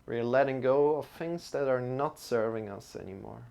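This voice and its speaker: A man teaching a yoga and mantra lesson in a gentle, encouraging way, often restarting his words. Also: medium pitch, moderate pace, creaky.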